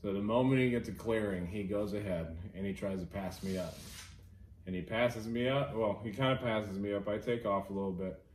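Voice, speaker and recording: This podcast host speaks in a brisk, lowish voice, swearing freely as he animatedly tells a work story during a casual chat. The room is echoey with faint background noise.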